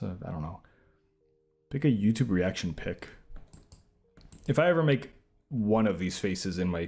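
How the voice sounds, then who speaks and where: A man streaming himself taking online quizzes, reacting out loud with sarcastic, self-mocking commentary. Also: deep voice.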